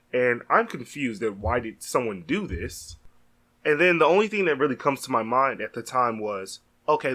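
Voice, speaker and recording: A young man telling a storytime vlog, animated and exasperated, talking casually. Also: medium pitch. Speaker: vlogger.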